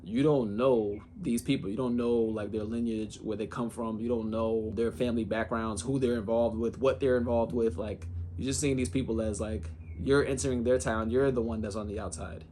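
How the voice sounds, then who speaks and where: A young American man, a former overseas pro basketball player, telling a story in a relaxed, slangy vlog style full of fillers. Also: fairly low pitch, moderate pace, few pauses, a little hiss or hum. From United States.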